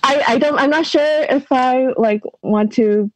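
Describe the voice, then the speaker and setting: A woman's voice: high voice, measured pace, no echo, rough recording. A young woman from Canada with a Canadian accent, a podcast guest who chats casually and keeps breaking into giggles. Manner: giggly, laughs through her answers.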